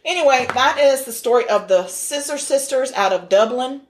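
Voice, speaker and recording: A woman's voice: high-pitched, lively intonation, normal speed. A woman hosting a casual true-crime chat, joking and laughing often. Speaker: podcast host.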